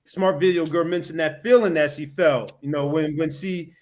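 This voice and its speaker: A man hosting a casual podcast, his voice sitting a little high. He rambles, restarts his sentences and leans on "you know" as he goes. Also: steady tone, moderate pace, darkish tone. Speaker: podcast host.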